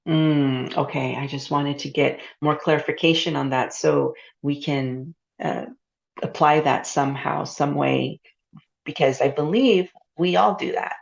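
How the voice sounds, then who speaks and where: A woman's voice: deep voice, creaky, muffled recording. A woman hosting an interview, asking reflective questions and affirming her guest. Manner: reflective, with frequent affirming murmurs. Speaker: host. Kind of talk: casual interview chat.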